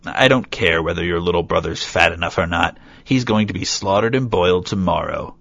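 A man's voice: low voice, a little fast, vocal fry, fairly bright tone, full character voice. A man reading as a cruel old witch. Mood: scolding. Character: wicked old female witch, cruel and bossy. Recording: dull lo-fi recording.

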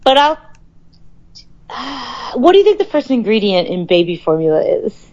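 A woman swaps stories on a podcast in a fairly high voice that jumps all over the place. She sounds exasperated and swears freely. The recording sounds dull and lo-fi. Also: moderate pace. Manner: animated, profane, exasperated storytelling. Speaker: podcast co-host. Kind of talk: casual chat.

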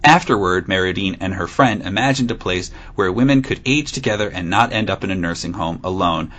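On a casual podcast, a co-host with a low, somewhat bright voice reads out a news story at a fairly quick pace. He giggles often, clearly amused, and gives the words a playful emphasis.

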